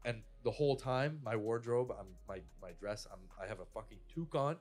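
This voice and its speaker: A man's voice: mid-range voice, expressive, a little fast, a little mellow, faint music behind. A young Canadian man telling a rambling, profane story to friends on a podcast. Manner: rambling, profane, lots of "like" and "I'm like". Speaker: podcast co-host. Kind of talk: casual storytelling among friends.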